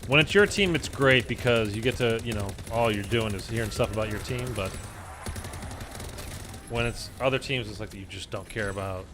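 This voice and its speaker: A man with a lowish voice streams a video game at a moderate pace while chatting casually. His talk rambles and is full of fillers, and the background is noisy.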